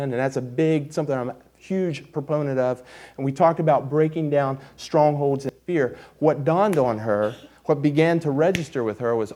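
A middle-aged man preaching a sermon, telling a personal story with emphatic, storytelling delivery that drops to quiet intensity. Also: fairly high pitch. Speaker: pastor.

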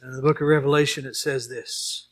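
A man's voice: mid-range voice, fairly even intonation, fairly quick. A man preaching a sermon and leading a closing prayer, earnest and building to emphatic repeated questions. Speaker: pastor.

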